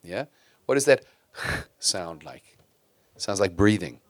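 A middle-aged man preaching from the pulpit in a relaxed, conversational manner, often turning to the congregation with questions. His voice sits low, and it is recorded close and dry with little room sound. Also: slow, dry recording. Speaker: pastor. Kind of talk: sermon.

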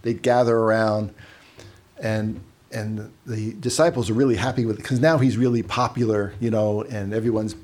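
A man's voice: lowish voice, steady tone, moderate pace, darkish tone. A man giving a casual, conversational sermon, telling stories with asides and repeating words as he goes. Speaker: preacher.

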